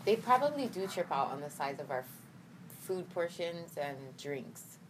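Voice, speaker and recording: Low-voiced woman, relaxed car chat. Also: normal speed, a little hiss or hum, low-quality recording. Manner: relaxed, many filler likes. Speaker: guest, host's wife. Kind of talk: casual chat.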